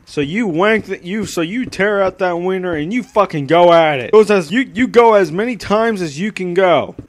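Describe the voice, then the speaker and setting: A young man giving crude, joking commentary while playing a game, swinging from muttered asides to sudden yells. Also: high-pitched, moderate pace. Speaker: gaming video creator.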